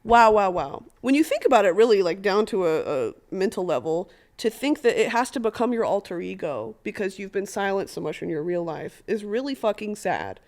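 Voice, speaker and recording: A young woman in her twenties, a podcast guest chatting casually, bubbly and prone to loud bursts of laughter and free swearing. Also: medium pitch, animated, a little fast, hardly any pauses. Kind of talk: casual interview chat.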